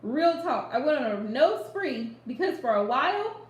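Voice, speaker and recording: A high-pitched woman talking straight to her viewers in a casual live chat. She is animated and drives her points home by repeating them. Her voice rings around an echoey room. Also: normal speed. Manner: animated, repeats lines for emphasis, laughs often. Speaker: livestream host giving readings.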